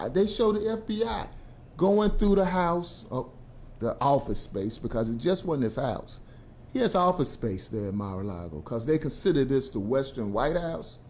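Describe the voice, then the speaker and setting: A male radio host with a mellow, warm tone, talking in a loose, folksy way. He explains the news man to man, leaning on slang and lively storytelling. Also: medium pitch. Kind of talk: casual talk radio commentary.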